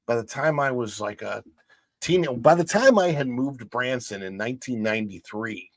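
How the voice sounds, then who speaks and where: A man's voice: medium pitch, animated, moderate pace, no room sound. A man in his forties from St. Louis, hosting a livestream in casual rambling chat, reading out viewer comments with restarts and asides. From St. Louis, Missouri. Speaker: livestream host.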